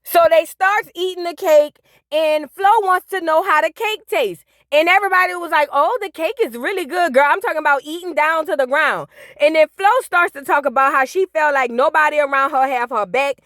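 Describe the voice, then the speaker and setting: Sassy high-voiced woman gossiping. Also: a little fast, fairly bright tone, dry recording, studio quality. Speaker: reality TV recap host. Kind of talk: casual reaction vlog.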